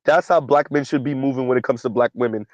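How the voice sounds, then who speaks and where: A man's voice: medium pitch, quick pace, muffled recording, heavy background noise. A man hosting a casual commentary stream who reads viewer comments aloud, keeps asking "right?", and has a dry cough. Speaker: commentary channel host.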